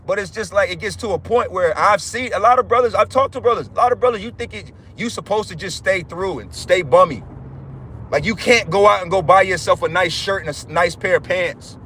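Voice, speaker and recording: A man's voice: high voice, fairly quick, pushed and bright, slight background noise. A man preaching fervently on a livestream, repeating himself, swearing and calling his listeners brothers. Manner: fervent, repetitive, profane, addresses listeners as brothers.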